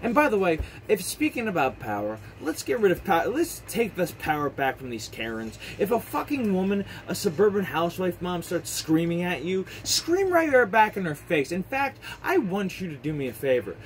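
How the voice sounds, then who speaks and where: A man's voice: high voice, sing-song, moderate pace, hardly any pauses, a little hiss or hum, poor audio. A man vlogging an angry, profane rant, heated and repetitive, swearing often.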